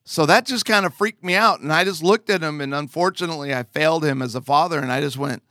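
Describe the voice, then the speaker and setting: A man's voice: fairly high pitch, quick pace, hardly any pauses, bright, forceful tone, no room sound, clean studio sound. Earnest man telling a personal testimony. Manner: earnest, conversational, with emphatic asides. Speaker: father giving a testimony.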